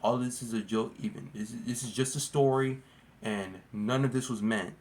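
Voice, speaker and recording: A man's voice: medium pitch, moderate pace, darkish tone. A man casually telling a storytime vlog, rambling and slangy, full of "like" and "bro". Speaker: vlogger.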